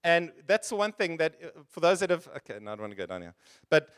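A man preaching to his congregation in an earnest, conversational sermon. His voice sits somewhat high for a man. He leans on rhetorical questions and talks straight to his listeners. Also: big pitch swings, quick pace, fairly bright tone, smooth. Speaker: pastor.

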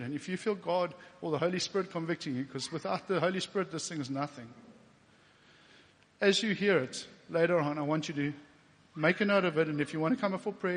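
A South African preacher delivers a heartfelt testimony sermon, his fairly high voice ringing through a church hall with a long reverb tail. He speaks loosely and conversationally, using fillers and voicing his own inner thoughts as quotes. His emotions stay close to the surface, and at times he gets teary.

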